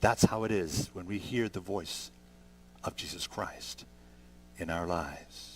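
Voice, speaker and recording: A man in his sixties preaching a sermon, conversational and gentle, building to emphatic peaks. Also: low voice, takes it slowly, slight background noise. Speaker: pastor.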